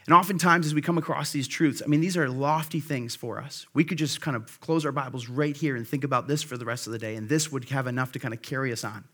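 A pastor preaching a sermon in a conversational way, with fillers and restarts, slowing and dropping quiet to stress key phrases. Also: male voice, mid-range voice, husky. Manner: drops to a slow, quiet emphasis on key phrases.

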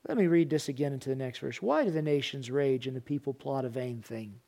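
A middle-aged man preaching a sermon, animated, acting out parents and children in raised voices. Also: medium pitch, fairly quick, gravelly. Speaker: pastor.

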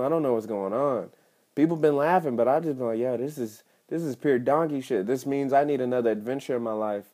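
A young man rambling and swearing through a solo podcast episode, cracking crude jokes and breaking into sudden loud outbursts. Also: mid-range voice. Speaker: podcast host and stand-up comedian. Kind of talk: casual rambling monologue.

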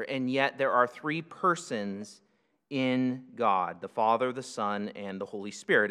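A man preaching a sermon, explaining scripture in a teaching manner, slowing down for emphasis and often restarting phrases. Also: mid-range voice, bright, forceful tone, clear, resonant tone, long reverb tail. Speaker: pastor.

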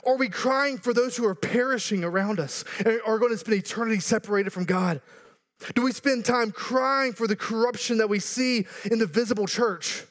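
A man's voice: high voice, normal speed. A pastor in his thirties or forties preaching a sermon earnestly, building to emphatic repeated lines with joking asides.

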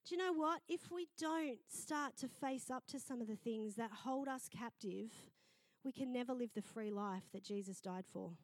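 A middle-aged woman pastor, preaching a sermon in a lively storytelling manner. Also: fairly high pitch, moderate pace, dry recording. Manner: lively storytelling, acting out quoted voices.

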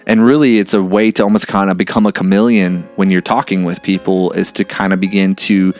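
A man's voice: deep voice, flat delivery, brisk, darkish tone, faint music behind. A man hosting a podcast, musing earnestly in a casual, reflective monologue, swearing freely and often saying "man". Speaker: podcast host.

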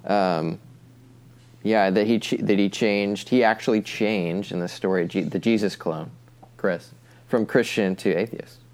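A man with a notably low voice co-hosts a casual podcast discussion. He is agreeable and often chimes in to back up his partner. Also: fairly even intonation, a little slow, darkish tone. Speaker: podcast co-host.

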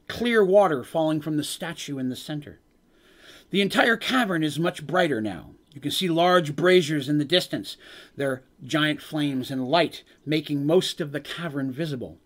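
A man's voice: a little high, animated, normal speed. A man acting as game master, retelling a tabletop game session in dramatic narration with casual asides.

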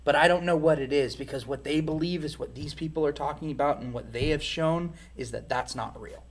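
A man's voice: a little high, brisk, slight background noise. A man speaking as an interview guest, giving a candid personal testimony in a reflective, frank way.

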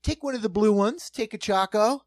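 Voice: mid-range voice, moderate pace, dry recording. A podcast co-host in casual comedic banter who laughs a lot and acts out little scenes with quoted voices.

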